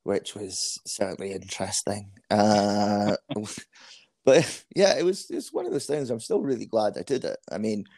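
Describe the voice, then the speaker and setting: A Scottish man in his thirties with a fairly low voice, talking as a guest on an interview podcast. He tells his stories frankly and pokes fun at himself. The recording is dry and close, with no room sound. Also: unhurried, a little mellow, no room sound. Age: 30s. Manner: frank, anecdotal, self-deprecating. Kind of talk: casual interview storytelling.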